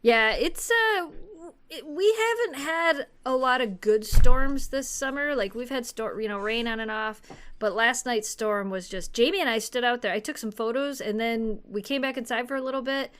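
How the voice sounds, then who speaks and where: A woman's voice: a little high, moderate pace, a bit bright, smooth. A woman co-hosting a podcast, telling long casual stories in a rambling, chatty way. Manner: rambling anecdotal storytelling. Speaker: podcast co-host. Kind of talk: casual chat.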